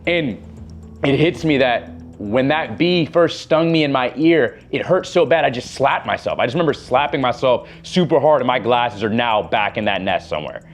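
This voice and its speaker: A man's voice: mid-range voice, animated, moderate pace, a little hiss or hum. A man narrating his own adventure as a voice-over, retelling it vividly and with animation. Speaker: wildlife adventurer.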